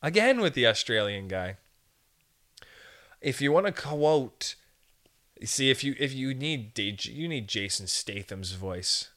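A man's voice: mid-range voice, big pitch swings, slow pace, pauses often, a bit bright. A young man hosting a podcast, rambling through a jokey casual monologue and slipping into put-on voices now and then. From Canada. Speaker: podcast host.

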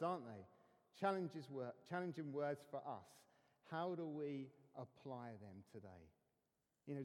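A man delivers a sermon from the pulpit, his voice a touch higher than most men's. He tells his story earnestly and drops to near-whispers for emphasis. A long reverb trails each phrase through the church. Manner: earnest storytelling, dropping to hushed tones for emphasis. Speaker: pastor.

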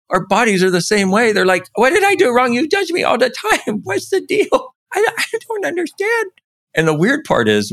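A man speaking as a podcast guest in casual interview talk, animated, pushing his pitch up sharply for emphasis. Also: no echo, studio quality.

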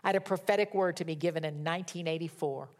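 A woman's voice: fairly low pitch, steady tone, fast. Woman preaching a dramatic sermon. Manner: dramatic, rising to loud emphatic peaks, dropping to whispers. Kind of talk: sermon with scripture reading.

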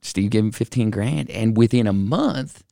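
Gravelly middle-aged man telling a story. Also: lowish voice, normal speed, no echo, clean studio sound. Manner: animated, acts out quoted voices, many fillers. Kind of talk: casual storytelling. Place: office.

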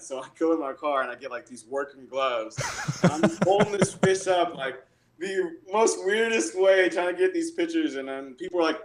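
Excitable man telling stories in a roomy space. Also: on the high side, normal speed. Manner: excitable, animated storyteller. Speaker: guest angler and realtor. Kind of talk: casual storytelling. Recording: roomy echo.

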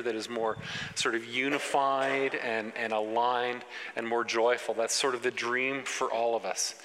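A man's voice: mid-range voice, bright, forceful tone. A man preaching a sermon to young people, earnest and explanatory, often repeating words and restarting his sentences. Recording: long echo, faint background noise.

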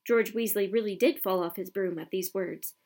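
A woman narrates a children's novel with steady storytelling. Her middle-pitched voice carries the scenes along evenly. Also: moderate pace. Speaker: audiobook narrator. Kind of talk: scripted narration.

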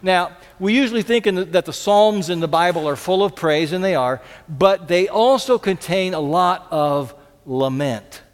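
A man preaching a sermon as a pastor, earnest, repeating key lines for emphasis and dropping to soft pleas. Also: high voice, moderate pace, big-room sound.

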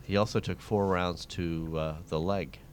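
A man's voice: low-pitched, a little slow, clear, resonant tone. A man hosting a trivia segment on a radio show, reading history questions in casual banter. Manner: reads history questions, lively intonation. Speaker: trivia host.

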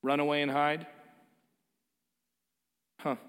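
A man preaching a sermon as pastor, emphatic, swinging between soft and loud, often repeating his words. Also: fairly high pitch, level tone, slow, clean tone, long reverb tail.

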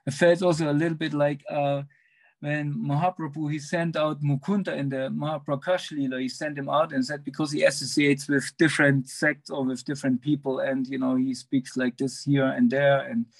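This man's gravelly voice sits a little high and stays fairly even as he shares a memory as a devotee in a relaxed online satsang. Heard over a video call, he speaks haltingly, hunting for words and laughing between phrases.

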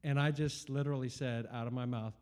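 Sharing his faith testimony, a man in his forties rambles earnestly, frequently using fillers and restarting. His voice is medium-pitched and darkish, steady in tone, and his pace is brisk.

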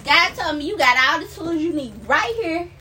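A woman's voice: very high voice, expressive, normal speed, pushed and bright, recorded from a distance, a little hiss or hum. A woman fervently sharing a religious testimony while recording herself and pacing, repeating herself with bursts of exclamation. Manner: fervent and repetitive, with frequent exclamations and laughs. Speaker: self-described minister sharing a testimony. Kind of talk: emotional spoken testimony to viewers. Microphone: self-recording on a phone recorder.

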